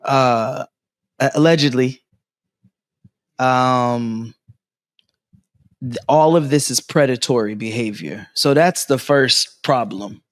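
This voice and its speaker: A man's voice: medium pitch, slow pace, long pauses, dry recording, clean studio sound. A man co-hosting a podcast, telling a story in casual chat and acting out the people in it, laughing often. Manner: animated storyteller, jumps into quoted voices, laughs often. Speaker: podcast co-host.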